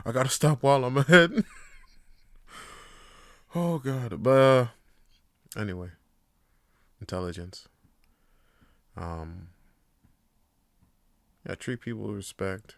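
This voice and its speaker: A man's voice: fairly low pitch, lively intonation, slow, vocal fry, pauses often, fairly bright tone, no echo, studio quality. A young man hosting his own podcast, rambling casually, joking and swearing freely. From Canada. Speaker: podcast host. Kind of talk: casual solo podcast monologue.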